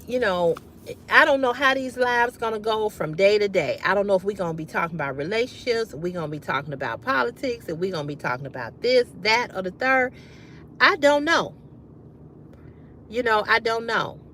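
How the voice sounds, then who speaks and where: A woman's voice: medium pitch, animated, fairly quick, a bit bright, a little hiss or hum. A woman hosting a casual livestream, talking bluntly and with profanity straight to her viewers in a style. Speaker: livestream host.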